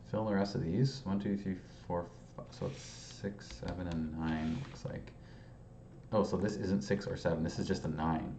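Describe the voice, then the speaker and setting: A man's voice: low voice, gravelly, a little mellow, echoey room, a little hiss or hum. A young Canadian man talking through a puzzle game, muttering numbers to himself and apologizing sheepishly. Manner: mutters digits, apologetic and self-mocking. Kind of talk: casual solving commentary.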